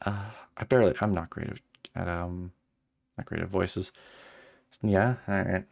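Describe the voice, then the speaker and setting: Man, streamer, very deep voice, rambling, self-deprecating, casual, mouse clicks. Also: steady tone, unhurried, gravelly, darkish tone, no room sound, clean studio sound. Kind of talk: casual game-stream commentary and reading aloud.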